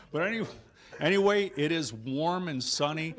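Male host, upbeat and rambling, fond of dad jokes, voice a bit high. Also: lively intonation, normal speed, fairly bright tone. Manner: jokey, laughs often, rambling asides. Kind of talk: casual chat.

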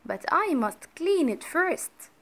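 A woman voicing a poor, fretful mother who speaks in a high, emphatic voice. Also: very animated, slow, fairly bright tone, heavily acted. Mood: excited. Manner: high and emphatic, then humble.

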